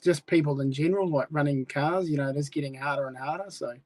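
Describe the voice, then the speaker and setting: A New man talks easily as a guest on a chat show, filling his answers with "yeah" and "you know". His voice sits a little higher than most men's. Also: fast, a loud crowd. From New Zealand. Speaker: speedway club guest. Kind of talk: casual interview answers.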